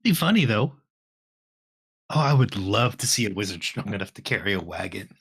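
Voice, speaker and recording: A man's voice: fairly low pitch, very animated, normal speed, gravelly, a bit bright, slightly rough. A man playing a tabletop game in character, thinking aloud with hesitant restarts.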